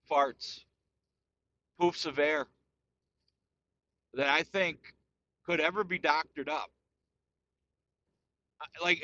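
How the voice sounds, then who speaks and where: Male podcast host, crude boastful ranter, animated delivery, dry lo-fi sound. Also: a little high, no room sound. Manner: crude, profane and boastful, peppered with "dude". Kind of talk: casual solo podcast rant.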